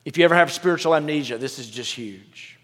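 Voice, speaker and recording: A man's voice: on the high side, quick pace, fairly bright tone, in a large hall. A pastor preaching a sermon. He reads scripture aloud and breaks off into candid, joking asides. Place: large church with a balcony.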